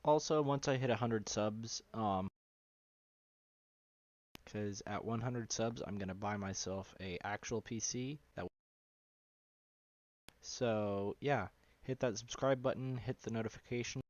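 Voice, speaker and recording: A lower-pitched man rambles casually through a live-streamed tutorial, full of ums and likes. The sound is dry and a little dull, like a cheap desk mic in a small home room. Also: measured pace, pauses often, dry recording. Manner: loose and rambling, with many fillers. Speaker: live streamer teaching 3D simulation.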